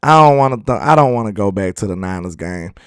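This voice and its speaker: A man's voice: lowish voice, expressive, fast, over music. A young man hosting a casual football livestream, talking loosely to his chat and laughing often. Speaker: sports channel host.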